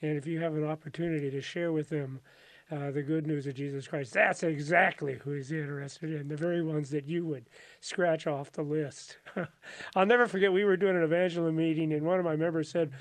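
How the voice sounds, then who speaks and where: A man, a pastor, talking through a Bible passage in casual conversation, emphatic and quick to laugh. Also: fairly high pitch, dry recording. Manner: animated, laughs often, emphatic storytelling.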